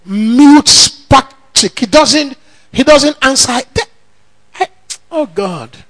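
Forceful high-voiced preacher. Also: male voice, lively intonation, drawn-out words, rough recording. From Nigeria. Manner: forceful preaching with shouted declarations. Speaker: pastor. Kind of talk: sermon. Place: church.

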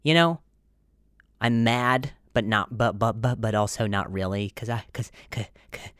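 A man's voice: fairly low pitch, measured pace, fairly bright tone, clear, resonant tone, no room sound, studio quality. A man hosting a comedy podcast with a strong stutter, repeating words and blocking on sounds, self-deprecating and rambling. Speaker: podcast host.

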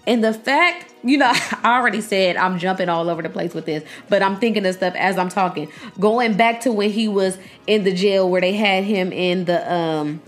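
A woman's voice: mid-range voice, normal speed, few pauses, faint music behind. A young woman giving a casual, emphatic reaction to a series, blunt and profane, laughing often and jumping between points.

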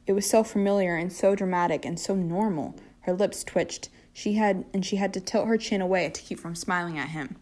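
Low-voiced woman reading fiction aloud. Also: moderate pace, hardly any pauses. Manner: steady reading with occasional slips and restarts. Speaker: fanfiction reader.

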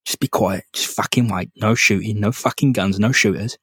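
A man putting on a hushed, bossy crime boss. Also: on the low side, moderate pace, breathy edge, dry recording, studio quality, pitched below the performer's own voice. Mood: hushed orders. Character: gruff male crime boss barking orders.

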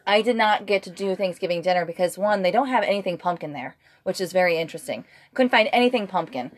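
An American woman co-hosting a podcast with her husband, telling stories in a lively, laughing way. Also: fairly low pitch, fast talker. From United States. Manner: animated, laughing, acts out quoted voices. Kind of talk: casual chat.

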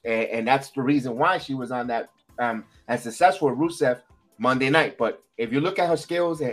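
A man hosting a wrestling recap podcast in casual chat, animated and repeating himself for emphasis. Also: on the high side. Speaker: podcast host.

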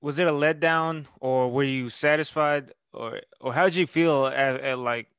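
A man interviewer with a smooth, clear voice asks long, stumbling questions and keeps restarting them. His sound is close-miked and dry. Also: on the high side, steady tone, normal speed, a bit bright, dry recording. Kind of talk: casual interview chat.

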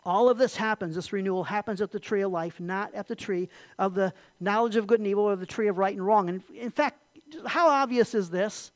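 A pastor preaching in an easy, conversational way, often asking rhetorical questions. The voice sits at a middle pitch and sinks low and soft on key points. The sound is dry with little room around it. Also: fairly quick, no echo. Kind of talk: sermon.

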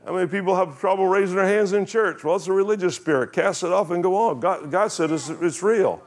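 Guy preaching in church, chatty, reads verses real slow, keeps asking the crowd stuff. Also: sits high. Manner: conversational preaching, reads scripture slowly, asks congregation questions. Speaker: pastor. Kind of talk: sermon.

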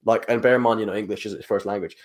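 A man's voice: lowish voice, steady tone, very fast. A man chatting casually on a podcast about covering fights, rambling with lots of fillers like "like" and "you know". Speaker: MMA journalist.

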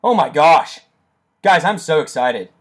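Excitable young man hosting a sports podcast. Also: fairly high pitch, measured pace. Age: young adult. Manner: enthusiastic, excitable, breaks into shouting. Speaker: podcast host. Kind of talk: casual sports podcast talk. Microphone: close microphone.

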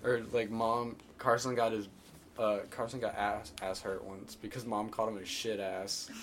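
A man's voice: on the low side, little pitch movement, moderate pace, fairly bright tone, a little hiss or hum. A man hosting a casual podcast chat, telling rambling stories with lots of laughter and acted-out quotes. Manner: laughing storyteller who acts out his mom. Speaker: podcast host.

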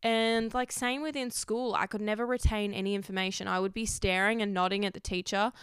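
Young woman, frank confessional vlog, smooth resonant tone, dry close sound, swears freely. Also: medium pitch, fairly even intonation, brisk, fairly bright tone, dry recording. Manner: frank, rambling, heavy swearing. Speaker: vlogger. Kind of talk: candid confessional monologue.

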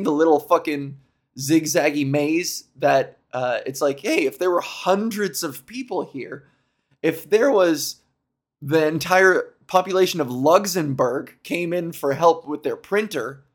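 A man's voice: a little high, unhurried. A man on a comic rant, exasperated and profane, often laughing. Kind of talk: comedic rant.

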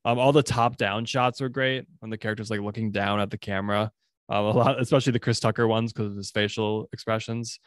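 A man's voice: fairly low pitch, fairly even intonation, fast talker, no room sound, studio quality. A man giving his first-time impressions in a casual movie discussion, hesitant and thoughtful. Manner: hesitant, many fillers, thoughtful. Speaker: guest, first-time viewer.

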